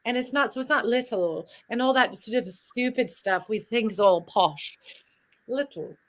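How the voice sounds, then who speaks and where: A middle-aged woman, a guest performer, telling stories in an animated, chatty interview. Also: on the high side, normal speed, poor audio. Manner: animated, chatty, drifts into demonstrations. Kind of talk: lively interview storytelling.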